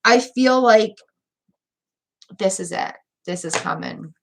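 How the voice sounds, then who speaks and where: A woman's voice: medium pitch, slow pace, creaky, slight background noise. A woman doing a live tarot reading, gushing and teary as she talks straight to her viewers over a webcam mic at home. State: teary, weepy. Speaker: tarot reader hosting a livestream.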